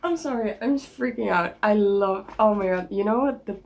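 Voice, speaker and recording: A woman's voice: mid-range voice, normal speed, vocal fry, low-quality recording. A young woman talking casually in a home vlog, bubbly and rambling, with lots of giggles and restarts. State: sick. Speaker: vlogger.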